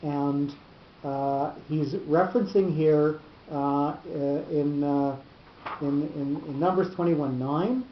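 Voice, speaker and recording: A teacher works through cantillation notes in a halting, repetitive way, restarting phrases as he explains. The recording is roomy and dull, with a faint rumble behind the voice. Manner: halting, repeats words while explaining. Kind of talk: lecture on cantillation.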